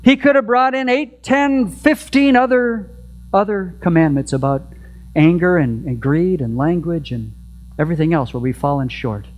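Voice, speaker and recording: Male pastor, fairly high voice, chatty sermon delivery with faint mains hum. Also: moderate pace. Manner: conversational preaching with rhetorical questions; repeats a prayer refrain softly. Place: church sanctuary.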